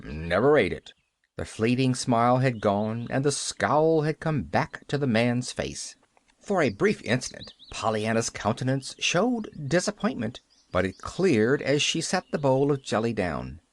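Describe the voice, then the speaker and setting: A man narrating a classic novel as an audiobook, with a lively storytelling delivery. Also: mid-range voice, a little slow, dry recording.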